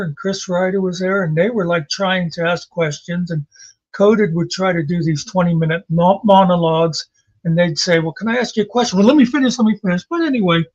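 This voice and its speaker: High-voiced slow rambling man. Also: dull audio. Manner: rambling, sarcastic, with profanity. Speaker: commentary channel host. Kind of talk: casual recap commentary. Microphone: home mic, off camera.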